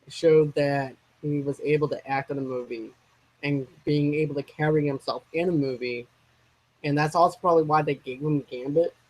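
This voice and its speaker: A man with a slightly raised pitch chatting casually about films as a co-host. He rambles, stumbles over words and circles back on his points. The delivery is relaxed and conversational. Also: moderate pace, low-quality recording. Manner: rambling, restarts and trails off mid-thought. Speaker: co-host of a movie discussion channel. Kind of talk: casual movie chat.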